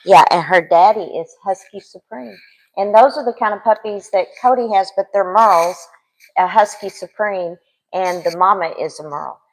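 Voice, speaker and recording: A woman's voice: mid-range voice, moderate pace, poor audio. A woman co-hosting a live dog breeding stream, chatting enthusiastically and adding her own tips. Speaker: co-host. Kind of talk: casual live-stream chat.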